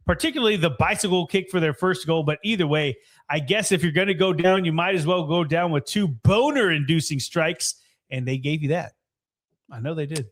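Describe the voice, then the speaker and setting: A man co-hosting a soccer podcast, reviewing matches in an excitable, casual way and swearing freely. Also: high voice. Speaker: podcast co-host.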